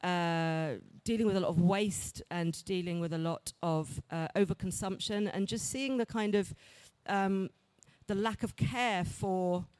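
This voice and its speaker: A woman speaking on a panel, thoughtful and halting, with many fillers. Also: medium pitch, steady tone, darkish tone, smooth. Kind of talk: panel talk.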